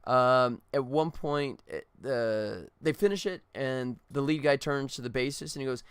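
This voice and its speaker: A man's voice: medium pitch, unhurried, clear, resonant tone, no room sound. Man, middle-aged, tired, rambling, chuckling, game developer livestream, dry. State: exhausted. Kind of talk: casual livestream chat.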